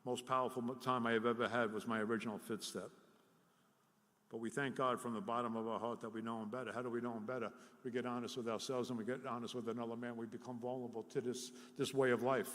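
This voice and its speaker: A middle-aged man from City, telling animated, self-deprecating stories as a speaker at a recovery workshop. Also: medium pitch, fast talker. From Jersey City, New Jersey. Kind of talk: live storytelling talk. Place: workshop hall before an audience. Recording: echoey hall with long reverb.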